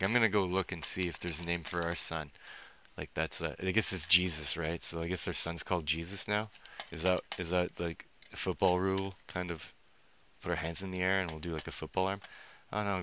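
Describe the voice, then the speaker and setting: A vlogger rambles through a monologue, cursing heavily and restlessly thinking aloud, cutting himself off and trailing off mid-sentence. His voice is low with a sharp tone, over slight background noise.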